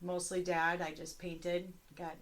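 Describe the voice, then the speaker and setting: A woman's voice: on the low side, monotone, slow. A woman in her forties chatting candidly with her daughter on a podcast, swearing freely and laughing often. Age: 40s. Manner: candid, profane, laughing, rambling. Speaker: podcast co-host, mother. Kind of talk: casual chat.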